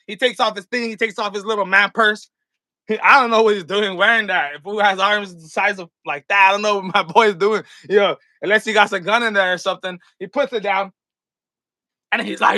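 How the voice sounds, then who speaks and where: A man vlogs a casual, slangy commentary rant, swearing freely, speaking straight to viewers, and acting out what happened with props. His voice is high-pitched, brisk, pushed and bright, with no echo.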